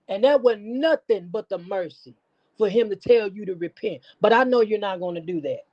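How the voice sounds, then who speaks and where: A woman's voice: medium pitch, expressive, moderate pace. Woman preaching and scolding on a stream. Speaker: stream host. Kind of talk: livestream call-out rant. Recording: dull lo-fi stream audio.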